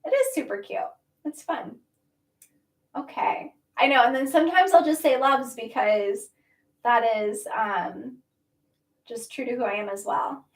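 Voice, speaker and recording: Woman livestream host, high voice, chatty and emotional, a little far off the mic. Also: measured pace, long pauses. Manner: warm, chatty, emotional at times, laughing often. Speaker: livestream host reading chat comments. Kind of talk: casual livestream chat. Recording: roomy echo, mic at a distance.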